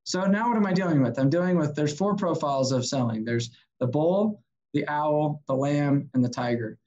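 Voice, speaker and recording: A man, a sales consultant guest, telling stories in a casual, energetic way and acting out the people he quotes. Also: fairly high pitch, moderate pace, muffled recording. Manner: energetic, animated, acts out quotes. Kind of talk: casual storytelling.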